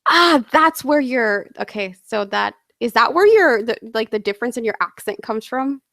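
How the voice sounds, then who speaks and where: A woman's voice: a little high, animated, moderate pace, gravelly, sharp tone, dry recording, studio quality. An American woman hosting a casual interview, friendly and curious, asking questions and laughing easily. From United States. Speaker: host and interviewer.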